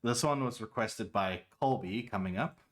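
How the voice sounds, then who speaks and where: Speaking fairly low and at a moderate pace, a man chats casually with viewers on a home stream. He keeps things playful and lively, slipping into different voices whenever he quotes a line.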